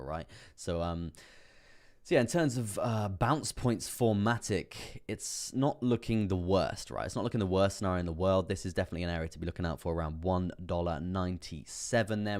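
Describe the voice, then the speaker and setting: A man with a very deep voice hosts a relaxed live-stream about crypto trading. He rambles through charts with lots of fillers, chuckling to himself as he goes. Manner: chatty, rambling, laughs often, many fillers. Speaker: crypto trading livestream host. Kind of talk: casual live-stream market commentary.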